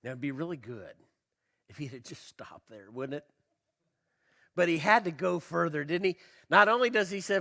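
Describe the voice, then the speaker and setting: Male pastor, church sermon, bright tense voice, animated swings from loud to quiet, slight cough. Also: fairly high pitch, normal speed, pauses often. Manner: asks the congregation questions. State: slight cough, tickle in throat.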